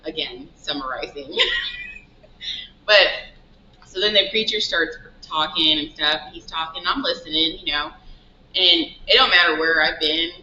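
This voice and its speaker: A woman who owns a shop, telling stories in a casual interview and acting out the dialogue in lively quoted asides. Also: low voice, measured pace, a little hiss or hum. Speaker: shop owner guest. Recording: roomy, dull lo-fi sound.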